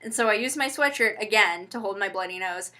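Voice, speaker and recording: A young woman vlogger retelling a bad day in an animated, exasperated way. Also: mid-range voice, brisk. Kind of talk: storytelling vlog.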